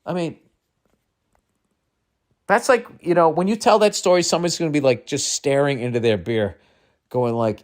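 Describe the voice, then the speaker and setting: A man's voice: on the high side, lively intonation, normal speed, long pauses. A man hosting a comedy advice podcast, ranting with lots of swearing and exasperated outbursts that drop into mutters. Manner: swearing, exasperated, swings between loud and muttering. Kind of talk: profane comedic rant.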